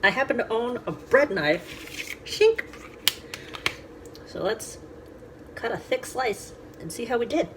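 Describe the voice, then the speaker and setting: A woman hosting a casual cooking show from her home kitchen, talking chattily and excitably to viewers as she works through each step. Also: fairly high pitch, measured pace. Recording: background noise and clicks.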